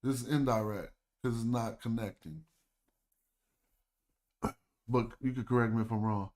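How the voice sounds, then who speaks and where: A man's voice: medium pitch, steady tone, a little mellow. Man thinking aloud on a livestream. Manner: thinking aloud, sounding out words slowly. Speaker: livestream host. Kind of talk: casual livestream study talk.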